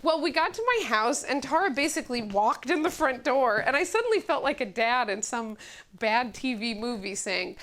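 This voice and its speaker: A woman comedian performing a one-woman comedic monologue, telling a story in a wry, animated way. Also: a little high, normal speed.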